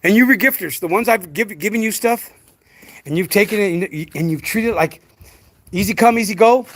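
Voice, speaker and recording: A man's voice: sits high, moderate pace, fairly bright tone, no room sound. A man talking casually to camera about raising his dogs, rambling and preachy, with many restarts and fillers, outdoors. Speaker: dog breeder.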